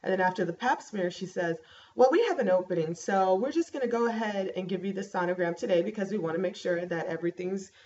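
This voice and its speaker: Chatty young woman on a laptop mic. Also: lowish voice. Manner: chatty, animated storytelling with many fillers. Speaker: vlogger. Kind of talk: casual pregnancy update vlog. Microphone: laptop webcam mic. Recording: dull laptop mic with faint hiss.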